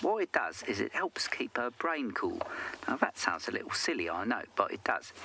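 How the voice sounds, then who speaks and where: Chatty safari guide guy, bright, bouncy voice, live outdoors on a game drive with faint bush sounds behind. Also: mid-range voice, a little hiss or hum. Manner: chatty, playful, answers viewer questions. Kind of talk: live wildlife broadcast commentary.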